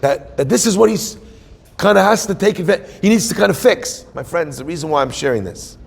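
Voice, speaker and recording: A man's voice: sits high, animated, a little fast, vocal fry, breathy edge. A man in his forties, a rabbi, giving a joking, conversational sermon and asking the audience questions. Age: 40s. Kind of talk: humorous sermon. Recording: long hall reverb.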